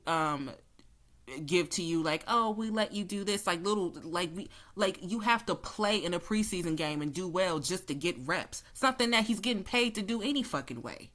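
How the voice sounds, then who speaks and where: Tarot reader, woman, lowish bright forceful voice, blunt profane ranting. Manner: blunt, heated, cussing freely.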